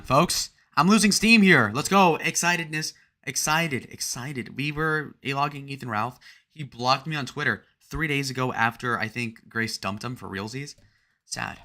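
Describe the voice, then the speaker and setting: This is a young man hosting a casual livestream, talking off the cuff to his chat. His voice is bright and edged, and he rambles crudely, tossing out jokes and jabs as he reads their comments aloud. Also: medium pitch. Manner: crude, joking, rambling while reading out chat. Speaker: livestream host.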